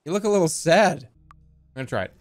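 Excitable high-voiced male streamer. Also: fast talker, faint music behind. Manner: excitable, swears, loud shouting outbursts. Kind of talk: casual gameplay commentary.

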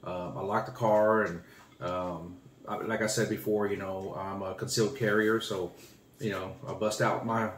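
A man from Texas in his forties, co-hosting a family channel and telling a story in relaxed, rambling casual chat. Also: on the low side, moderate pace, slight background noise. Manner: relaxed, rambling, short agreeing replies. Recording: echoey room.

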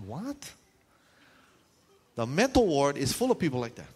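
A man preaching a sermon to a congregation in a church, animated and full of rhetorical questions, sometimes acting out shouting voices. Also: high-pitched, normal speed. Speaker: pastor. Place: church sanctuary. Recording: long hall reverb in a church.

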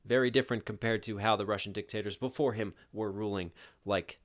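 Animated young man reacting to a video. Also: on the low side, fairly quick, very noisy. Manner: animated, laughs often, swears casually. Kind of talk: casual reaction commentary.

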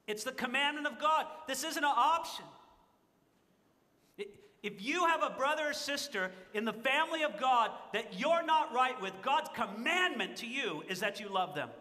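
A man's voice: very high voice, animated, normal speed, pushed and bright, in a large hall. A man preaching a sermon as pastor, earnest and pleading, building to emphatic points.

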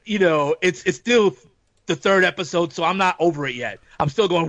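A man with a high voice talks in a loose, animated podcast chat, laughing easily and jumping into playful voices for quotes. The recording is close and dry, with little room sound. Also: normal speed, no echo. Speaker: podcast guest. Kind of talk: casual chat.

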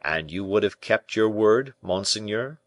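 Smooth scheming courtier, hushed and low, a guy reading him in a dry audiobook voice. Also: expressive, dry recording. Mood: persuasive. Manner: measured, low and hushed persuasion.

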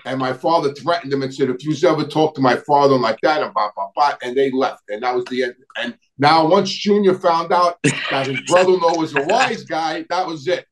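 A middle-aged man tells long stories in a loose, rambling way. He keeps restarting his sentences, trails off, and pauses to dig for names. His speaking voice sits a little on the high side. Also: lively intonation, fairly bright tone, rough recording. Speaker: guest recounting family history. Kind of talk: casual storytelling conversation.

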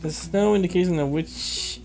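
A woman's voice: lowish voice, moderate pace, vocal fry, darkish tone. A young woman giving let's play commentary, muttering to herself and cursing in frustration at a puzzle. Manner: exasperated, swearing, muttering to herself. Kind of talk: video game commentary. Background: faint game music.

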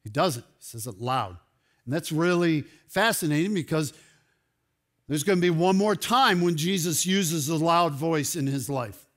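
A man preaching a sermon as pastor, animated and rising to loud exclamations. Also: fairly high pitch, moderate pace. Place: church sanctuary.

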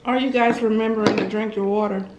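A woman's voice: medium pitch, fast. Chatty woman eating on camera, roomy. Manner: talks with mouth full, relaxed and chatty. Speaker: mukbang vlogger. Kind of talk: casual chat while eating. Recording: roomy echo with faint background noise.

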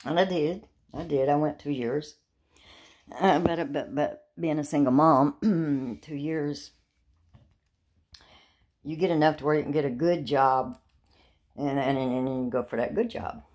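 A woman's voice: deep voice, fairly even intonation, measured pace, long pauses, darkish tone. A middle-aged woman, rambling chattily to her phone camera in a casual vlog. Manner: rambling and chatty, with repeated words and self-mocking laughs. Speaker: vlogger. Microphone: handheld phone.

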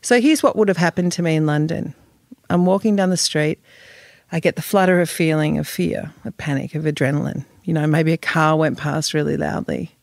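A woman's voice: low-pitched, a little fast, vocal fry, darkish tone, no room sound, studio quality. A woman, speaking frankly and emotionally as a podcast guest, swearing and laughing now and then. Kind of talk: candid podcast interview.

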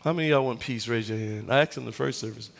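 A man preaching a sermon as a guest pastor, telling lively stories and slowing down hard on key phrases. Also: medium pitch, vocal fry. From United States. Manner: animated storytelling, acts out voices in anecdotes.

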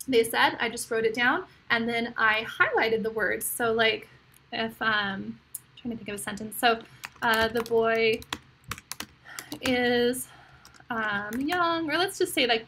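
A woman's voice: a little high, bright, forceful tone, slight background noise, low-quality recording. A woman speech therapist demonstrating a classroom game in a casual, encouraging tutorial, often checking in with "right?" and "okay?". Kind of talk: casual screen-share tutorial.

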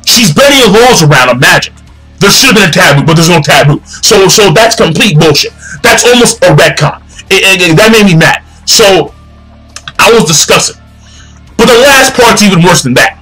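A young man giving a ranting anime review, excitable and profane, often stumbling over restarts. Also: sits high, breathy edge, poor audio. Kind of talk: ranting video commentary.

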